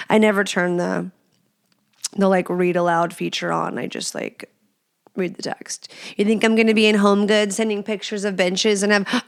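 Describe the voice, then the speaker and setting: A woman's voice: medium pitch, normal speed, creaky, fairly bright tone. A woman hosting a podcast in a casual monologue, blunt and crude, stretching words out for emphasis. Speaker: podcast host.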